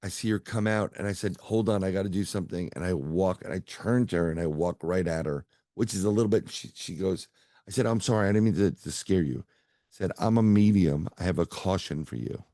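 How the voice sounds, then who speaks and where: Deep-voiced middle-aged man telling a story. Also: fairly quick, no echo, clean studio sound. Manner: rambling, animated storyteller acting out quotes. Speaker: guest psychic medium. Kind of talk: casual storytelling interview. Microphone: video call.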